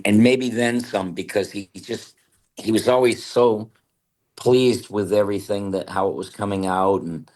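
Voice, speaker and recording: Low-voiced man in his seventies, guest voice actor, candid, rambling, casual chat. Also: darkish tone. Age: 70s.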